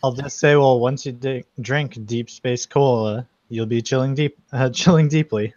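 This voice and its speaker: A man's voice: medium pitch, steady tone, moderate pace, a little mellow, no echo. Man, role-play player, casual, playful, muffled dry recording.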